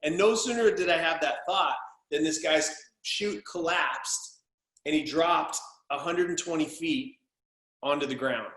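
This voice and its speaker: Chummy podcast host man, slightly high voice. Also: unhurried. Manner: animated, chummy storyteller. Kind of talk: casual interview chat. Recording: roomy echo.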